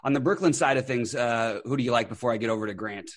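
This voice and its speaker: A man hosting a fantasy sports podcast over an internet call, upbeat and full of fillers. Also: medium pitch. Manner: quick, upbeat, many fillers. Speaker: podcast host.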